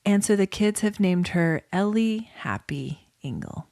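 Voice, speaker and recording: A woman of middle pitch co-hosting a casual podcast, telling family news with easy laughter. The recording is close and dry, with no room sound. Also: expressive, measured pace, no room sound. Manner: warm storytelling, laughs easily. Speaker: podcast co-host. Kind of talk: casual chat.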